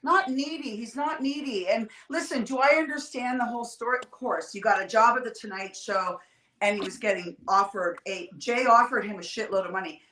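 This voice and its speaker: A woman telling stories in a casual, profane, animated way, as a guest on a livestream call. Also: mid-range voice, echoey room, rough recording. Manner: profane, animated, quick storytelling. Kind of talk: casual storytelling chat. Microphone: livestream video call.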